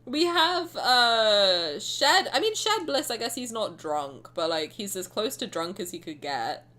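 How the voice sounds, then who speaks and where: Lively, chatty woman streamer. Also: medium pitch, a little slow. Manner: chatty, joking, reads game text aloud. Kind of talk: casual gaming commentary. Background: faint game music.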